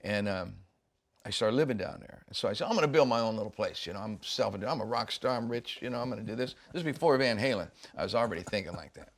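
An older man answers questions in a relaxed interview, spinning stories with frequent laughter. He slips into little put-on voices when he quotes people, and his voice sits on the low side. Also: quick pace. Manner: animated, laughs often, acts out quoted voices. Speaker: interviewee, rock musician. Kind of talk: casual storytelling interview.

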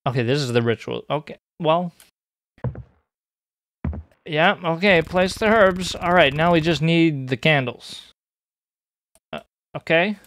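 A young man streaming a horror game, joking and excitable, bursting into high squeaky outbursts. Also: unhurried, pauses often, slight background noise. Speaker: gaming streamer.

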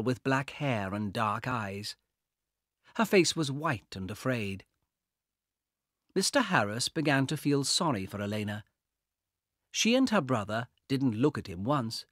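A man narrating a graded-reader audiobook in slow, clear, deliberate reading. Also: medium pitch, expressive, a bit bright, no room sound, clean studio sound.

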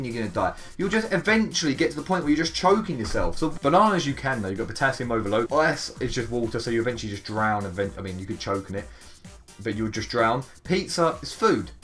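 A young Englishman running loose gameplay commentary, cursing freely and getting fed up with himself. His voice sits at a middling pitch but swings widely up and down. A soft music bed plays faintly behind him. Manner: swears a lot, quick to exasperation, self-mocking. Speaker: gaming YouTuber.

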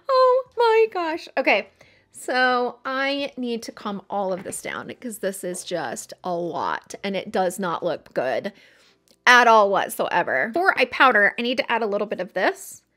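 A woman's voice: mid-range voice, expressive, a little slow, pushed and bright. A woman chatting casually while doing her makeup for a get-ready-with-me video, chatty and self-mocking. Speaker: beauty vlogger.

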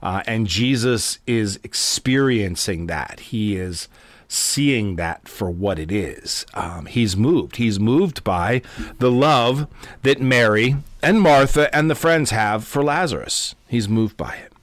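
Earnest pastor teaching scripture, dry sound. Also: male voice, fairly low pitch, expressive, slow pace, no room sound. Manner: earnest, conversational, with frequent fillers and repeated words. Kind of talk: Bible study teaching.

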